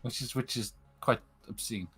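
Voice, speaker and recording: A man's voice: medium pitch, steady tone, moderate pace, a bit bright, husky. A young man joining a casual chat as a guest, dry in tone and laughing off complaints. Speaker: guest filling in.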